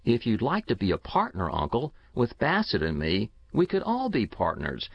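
A man reading an audiobook, voicing an earnest, secretive young boy who speaks gravely and confidingly. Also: on the low side, huge pitch swings, normal speed, dry recording, heavily acted. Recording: dull dry lo-fi recording.

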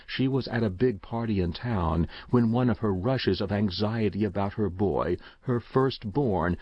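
Husky male audiobook narrator. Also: on the low side, no room sound. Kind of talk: audiobook reading. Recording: dull, dry recording.

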